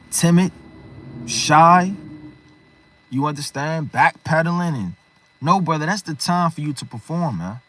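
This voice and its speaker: A man's voice: on the high side, a bit bright, no room sound. A man preaching a sermon in an emphatic, repetitive way, often tagging his phrases with "man".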